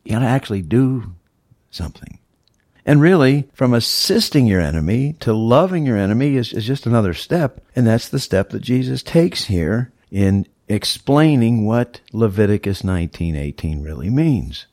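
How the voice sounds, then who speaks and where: A male pastor with a medium-pitched, slightly mellow voice preaches a sermon at a moderate pace, animated and emphatic as he explains scripture verse by verse like a teacher. The recording is clean studio sound with no room sound.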